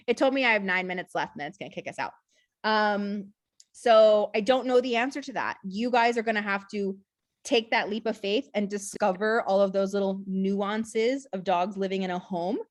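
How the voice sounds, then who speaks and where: A woman's voice: medium pitch, no echo. A woman running a casual live session for a prison dog-training adoption program over a video call, talking bluntly and chatting, often checking in with "okay?".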